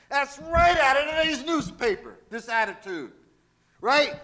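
A man delivers a sermon in a high, piercing voice with a very bright, forceful edge. He is emphatic and keeps pressing his listeners with rhetorical questions. He takes his time, letting each phrase land slowly. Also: expressive. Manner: slips into mocking quoted voices. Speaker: preacher.

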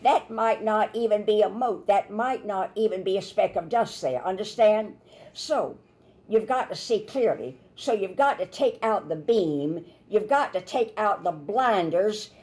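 A woman minister teaches scripture with lively energy. She tells everyday stories and slips into the voices of the people she quotes. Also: mid-range voice, a little slow. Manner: animated storytelling, acts out quoted voices. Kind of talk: Bible teaching sermon.

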